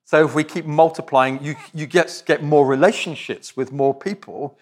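Lively, fairly high-voiced male preacher. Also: normal speed. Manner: direct, conversational, joking asides. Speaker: visiting preacher. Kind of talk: sermon.

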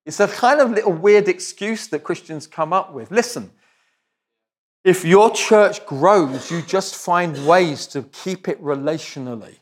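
A man's voice: sits high, measured pace. A man preaching as a visiting speaker, direct and conversational, with joking asides to the congregation. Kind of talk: sermon.

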